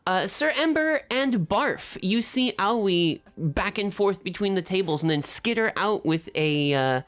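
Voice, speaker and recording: A woman's voice: mid-range voice, animated, unhurried. A woman running a tabletop game as game master, narrating scenes in a descriptive, meandering way.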